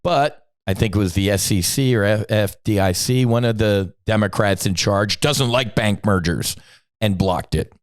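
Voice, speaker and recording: A man's voice: on the low side, moderate pace, no room sound, clean studio sound. A middle-aged man hosting a podcast, delivering a blunt, profane, combative rant with sudden emphatic bursts. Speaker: podcast host.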